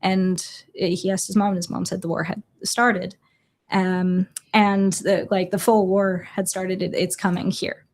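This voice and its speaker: A young adult woman from Chicago, a journalist guest, telling a story in an earnest, halting way with quoted dialogue. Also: medium pitch, level tone. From Chicago, USA. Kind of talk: storytelling in a conversational interview.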